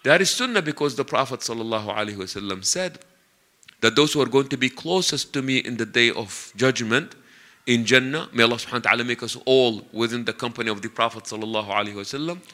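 Speaking quickly in a mid-range voice, a preacher tells lively stories in his sermon. He draws out important words and works Arabic religious expressions into his speech.

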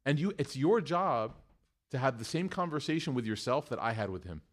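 A middle-aged man giving a religious talk, telling a family story in an animated way, acting out quotes and using Arabic phrases. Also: mid-range voice, brisk. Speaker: Muslim speaker.

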